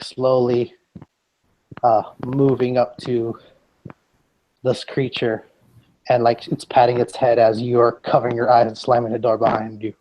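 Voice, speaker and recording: A man's voice: medium pitch, warm tone, low-quality recording. A man narrating a tabletop game as game master, describing scenes with frequent restarts.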